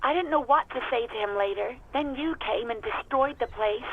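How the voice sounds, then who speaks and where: An actress playing a woman speaking to a cop over the radio, gentle and wistful. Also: a little high, normal speed, narrow, tinny audio.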